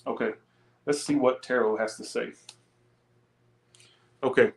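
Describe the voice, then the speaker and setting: Medium in pitch and steady, with vocal fry, a young man speaks a little slowly during a live-stream tarot reading. He chats with his viewers, laughs a lot, and rants with plenty of profanity.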